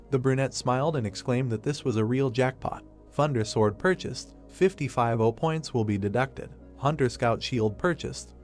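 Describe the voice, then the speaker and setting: A man narrating a comic story recap in a steady, scripted read-aloud style. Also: mid-range voice.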